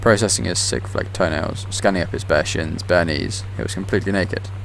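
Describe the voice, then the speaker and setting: A man's voice: low voice, a little fast, vocal fry, fairly bright tone, slight background noise. A man streaming a game, commenting dryly and reading documents aloud. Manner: dry, reads documents aloud in a plain tone.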